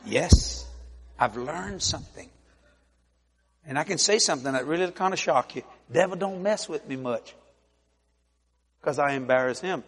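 A middle-aged male preacher telling a story in his sermon, animated, acting out dialogue and laughing often. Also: on the high side, normal speed, long pauses, husky, long reverb tail. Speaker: preacher, head of a ministry.

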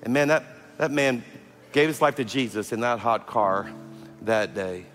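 A man, preaching a sermon as pastor, telling stories that move from loud and animated to hushed and tender. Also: mid-range voice, a little slow. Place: large church hall. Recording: long hall reverb with faint music.

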